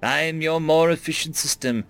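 A man voicing a cold, taunting female android that speaks in a stilted, synthetic way, slow and mocking. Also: a little high, fairly bright tone, soft background music.

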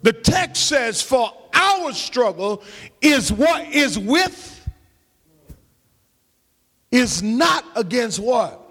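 A man preaching a sermon as pastor, calling out to the congregation and rising into shouts and half-sung lines. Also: extremely high pitch, sing-song, very slow, pauses often, slightly rough, in a large hall. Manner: call-and-response preaching, shouting and half-singing. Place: church sanctuary.

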